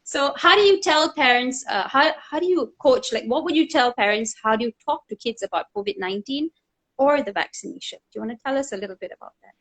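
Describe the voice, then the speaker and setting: A middle-aged woman hosting a conversational interview over a video call, telling stories in an animated way and laughing often. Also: high voice, fast. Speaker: talk show host.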